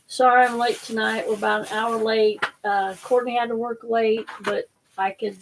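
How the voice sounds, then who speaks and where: A woman's voice: on the high side, level tone, normal speed, creaky, far from the mic, a little hiss or hum, low-quality recording. A woman hosting a casual live stream, chatting in a rambling, apologetic way while eating dinner. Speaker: host.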